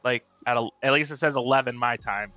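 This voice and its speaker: A man's voice: mid-range voice, fairly quick, bright, forceful tone, soft background music. A man chatting offhandedly with friends on a game stream. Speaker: stream co-player. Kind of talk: casual gaming chat.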